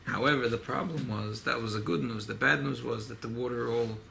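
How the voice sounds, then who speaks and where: Rabbi leading a class, gravelly voice with a bright edge, animated storyteller, faint hiss behind. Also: male voice, medium pitch, a little fast. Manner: animated storyteller, mixing Hebrew and Yiddish terms. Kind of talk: informal Torah class with storytelling.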